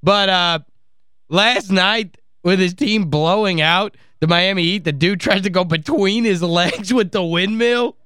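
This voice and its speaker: A man's voice: high-pitched, measured pace, bright, forceful tone, smooth, dry recording, studio quality. A man hosting sports talk radio, gleeful and mocking as he plays clips. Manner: gleeful, mocking, laughs often.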